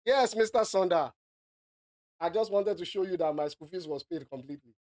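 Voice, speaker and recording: A man's voice: high-pitched, brisk, a little mellow. A man from Africa giving live forex market analysis on a stream, teasing his viewers and checking in often. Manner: playful and teasing, peppers speech with "all right".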